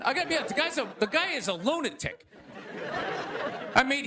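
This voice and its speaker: A man hosting a talk show who opens with a ranting, sarcastic stand-up monologue on stage before a live audience. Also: very high-pitched. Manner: ranting, sarcastic, rapid asides. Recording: noisy room with loud crowd.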